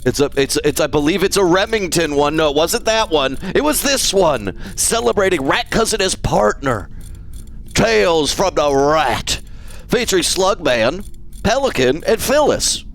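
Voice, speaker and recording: Animated, playful male streamer. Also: a little high, a little slow, a little hiss or hum. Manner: playful, jokey, talks to chat. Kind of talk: casual live-stream chat.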